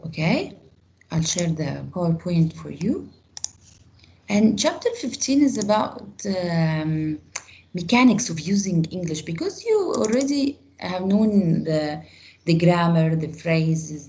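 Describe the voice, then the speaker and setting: A woman's voice: lowish voice, darkish tone, slight background noise, poor audio. A woman with an Egyptian accent teaching an online grammar class, often repeating and restarting her phrases as she explains.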